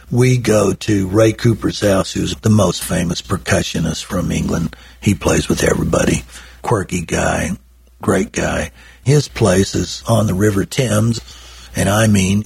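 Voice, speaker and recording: Gravelly low-voiced older man. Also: darkish tone. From Oklahoma. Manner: folksy, digressive, full of asides. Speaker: recording engineer and guest. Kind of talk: rambling anecdotal storytelling.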